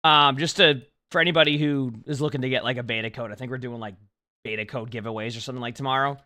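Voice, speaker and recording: A man's voice: mid-range voice, fairly even intonation, quick pace, sharp tone. A young man streaming, chatting casually with viewers in a rambling way full of restarts. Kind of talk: casual livestream chat.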